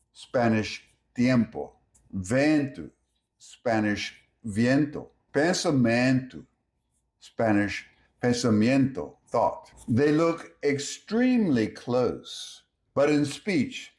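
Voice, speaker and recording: A man teaching a language lesson, reading example words slowly one at a time in a measured way. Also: mid-range voice, sing-song, a little mellow. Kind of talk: slow scripted language lesson.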